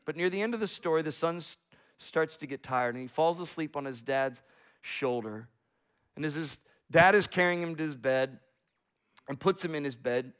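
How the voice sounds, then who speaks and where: A man in his thirties preaching a sermon as a pastor, earnest, swinging from slow emphatic stresses to hushed, soft passages. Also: fairly high pitch, clear, resonant tone.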